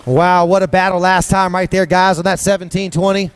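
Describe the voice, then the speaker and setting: A man calling live BMX races at an outdoor track, in rapid-fire, rhythmic, sing-song hype. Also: high-pitched, little pitch movement, clear, resonant tone. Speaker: race announcer. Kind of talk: live BMX race commentary.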